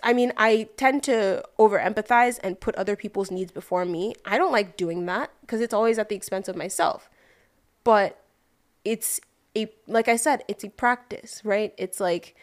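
A woman from Nigeria co-hosting a podcast, talking earnestly and frankly in a casual chat. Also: medium pitch. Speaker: podcast co-host.

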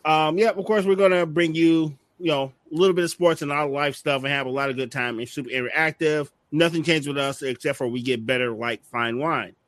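A man's voice: a little high, steady tone, a little fast, hardly any pauses, a bit bright, dry recording. A man hosting a casual online show, joking and rambling through the lineup with lots of ums. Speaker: network host. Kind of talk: casual livestream chat.

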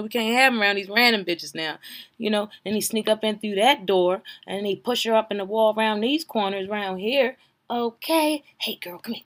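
Animated, profane woman podcaster. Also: medium pitch. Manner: animated, profane, swinging from loud exclamations to hushed asides. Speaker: podcast host recapping a reality show. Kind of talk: casual comedic recap.

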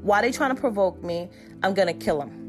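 A woman's voice: medium pitch, animated, fairly quick, a little mellow, faint music behind, lightly acted. A woman putting on a fed-up angry God. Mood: indignant. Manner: indignant, casual modern slang.

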